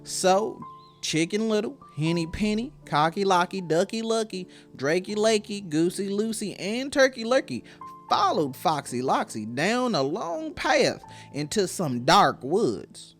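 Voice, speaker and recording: A woman's voice: medium pitch, big pitch swings, measured pace, soft background music. A woman reading a children's storybook aloud with a sing-song delivery.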